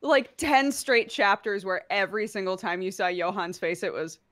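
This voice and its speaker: A woman's voice: medium pitch, moderate pace, fairly bright tone, no echo, studio quality. A woman co-hosting a podcast, chatting casually about a manga, laughing often. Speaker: podcast co-host. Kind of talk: casual book club chat.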